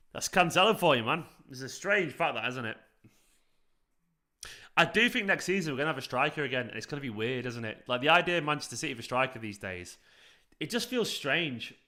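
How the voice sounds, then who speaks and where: A young fan channel host runs a live football watchalong, chatting casually, reacting to the play, reading chat and greeting viewers by name. His medium-pitched voice is sharp in tone, fairly quick and lively in intonation.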